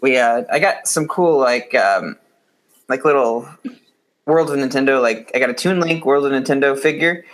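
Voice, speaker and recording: A man's voice: medium pitch, moderate pace, fairly bright tone. A man co-hosting a casual podcast, rambling along with many likes and uhs. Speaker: podcast co-host.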